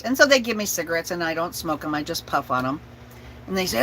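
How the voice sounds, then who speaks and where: Lively, laughing woman telling a story. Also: lowish voice, fairly quick, slight background noise, rough recording. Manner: profane, laughing, acts out family voices. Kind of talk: personal story told to an audience.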